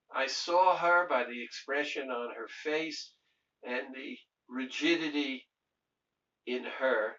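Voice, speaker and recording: A male doctor telling patient stories and giving firm advice in a slow, deliberate, earnest way, recorded from a distant mic with dull sound. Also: medium pitch, a bit bright, echoey room. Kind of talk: storytelling video talk.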